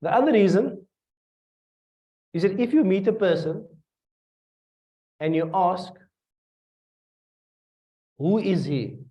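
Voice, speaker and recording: A man's voice: sits high, animated, measured pace, pauses often, warm tone. A man with a South African accent teaching a class, asking his students questions and repeating phrases as he explains. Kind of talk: classroom tafsir lesson. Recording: dull lo-fi classroom recording from a distance.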